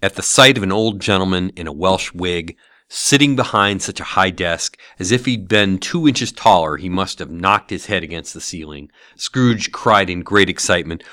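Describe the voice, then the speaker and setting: A man reading a classic novel aloud as an audiobook, with expressive storytelling. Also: low voice, moderate pace, no echo, studio quality. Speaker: narrator.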